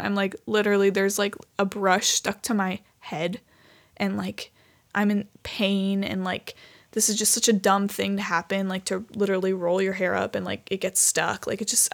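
A young woman hosting her own podcast, chatting through a personal story with lots of "like" and restarts. Her voice has a steady middle pitch and a gravelly fry at the ends of phrases. She sounds earnest and open. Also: normal speed. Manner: chatty, heavy use of "like", earnest. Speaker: podcast host.

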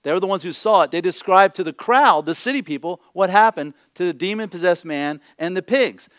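A middle-aged male pastor delivers a conversational sermon in a fairly high voice. He is blunt and jokes freely. He keeps checking in with his listeners. The sound is dry and close. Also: expressive, a little fast, fairly bright tone, dry recording. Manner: blunt, joking asides, repeats "okay?".

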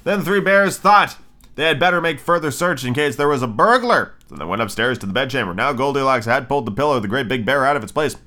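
Podcast host, male, bright tone, casual reader, swears freely. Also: mid-range voice, expressive, fast. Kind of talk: casual storybook reading with profane commentary.

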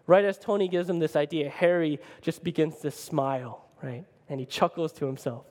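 A male pastor telling a story in a sermon, animated and conversational, often checking in with the listeners. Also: on the high side, moderate pace, few pauses, long reverb tail. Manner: animated, conversational, keeps asking "right?".

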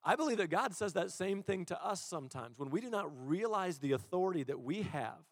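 Male pastor, sermon, conversational, self-deprecating, slightly high voice, long hall reverb. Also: animated, brisk, clean studio sound. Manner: conversational, self-deprecating, repeats words when restarting. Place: church auditorium.

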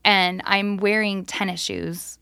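A woman's voice: medium pitch, fairly even intonation, slow, creaky, sharp tone, smooth, no room sound, studio quality. A woman co-hosting a podcast, telling casual self-deprecating stories and laughing through them. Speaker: podcast co-host. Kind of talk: casual storytelling.

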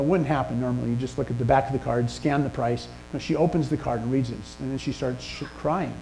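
A man delivers a sermon in a relaxed, storytelling manner, poking gentle fun at himself. His voice is gravelly and dark in tone. A faint mains hum sits under the recording. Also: mid-range voice, rough recording. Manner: conversational, self-deprecating anecdotes. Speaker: pastor.

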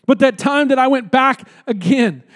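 A man's voice: extremely high pitch, moderate pace. A man voicing the apostle Paul as a weary, suffering man pleading with God.

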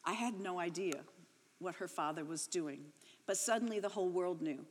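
In a large hall with a little hiss or hum, a fiftyish woman with a fairly low voice speaks at a moderate pace. Her emotional testimony begins with her daughter's account before her own, her voice rising and breaking as she goes.

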